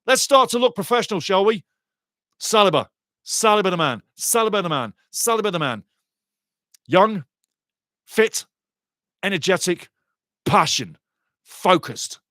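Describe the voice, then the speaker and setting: A man giving passionate live fan commentary on a soccer match, excitable and swinging from muttering to shouting. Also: sits high, measured pace, pauses often, no room sound, clean studio sound.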